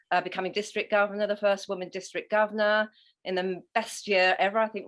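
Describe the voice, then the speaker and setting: Enthusiastic English woman telling stories. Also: medium pitch. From England. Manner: enthusiastic, animated storytelling. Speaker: interview guest. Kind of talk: conversational interview.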